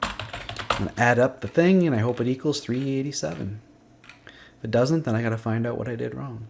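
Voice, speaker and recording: A man's voice: mid-range voice, a little fast, vocal fry, a little hiss or hum. A man teaching a screen-recorded spreadsheet lesson, thinking aloud and muttering to himself as he works. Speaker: instructor. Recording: faint clicking and typing behind.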